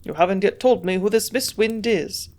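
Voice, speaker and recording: Woman doing gruff old German scientist. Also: mid-range voice, normal speed, a little mellow, natural voice. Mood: insistent. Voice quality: grunting, gruff.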